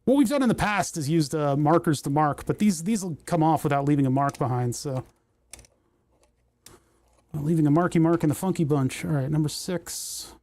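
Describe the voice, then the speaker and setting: A man's voice: fairly high pitch, moderate pace, mellow. A man hosting a casual livestream, rambling and self-deprecating as he thinks aloud while he takes apart a machine. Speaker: livestream host.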